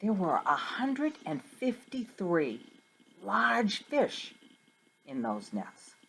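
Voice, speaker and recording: A middle-aged woman teacher tells a Bible story to children in an animated, questioning way. She talks slowly, with a wide, sing-song pitch range. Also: vocal fry, slight background noise. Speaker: Sunday school teacher.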